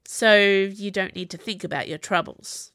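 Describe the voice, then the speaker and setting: Spirited, proud young cadet girl, voiced by a woman narrator, mid pitch. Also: normal speed, a bit bright, no echo, clean studio sound, close to an everyday voice.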